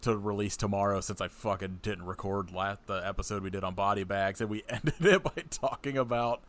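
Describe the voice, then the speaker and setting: A man's voice: on the low side, brisk, fairly bright tone. A man hosting a casual podcast chat, laughing often and swearing casually. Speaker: podcast host.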